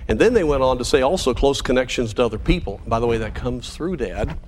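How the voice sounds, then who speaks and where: An earnest man preaching a sermon at a steady, middle pitch. He slows down on the phrases he wants to stress. A faint room hiss sits under his voice. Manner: earnest, measured preaching with slowed emphatic phrases. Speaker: pastor.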